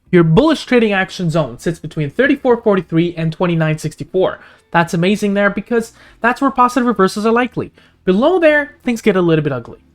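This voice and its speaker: A man hosting a stock analysis channel, walking through chart indicators and price levels, his voice going hoarse. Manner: rapid figures and indicator names, pitch jumping up on key points. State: losing his voice. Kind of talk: screen-share chart walkthrough.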